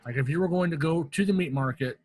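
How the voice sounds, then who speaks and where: A man's voice: a little high, quick pace, a little mellow, slightly rough, rough recording. Man playing his character in formal words. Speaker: player. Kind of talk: tabletop game play.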